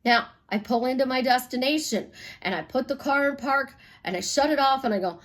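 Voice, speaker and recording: A woman from Chicago, a life coach, telling stories bluntly in an animated, casual monologue with some swearing. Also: sits high, a little fast.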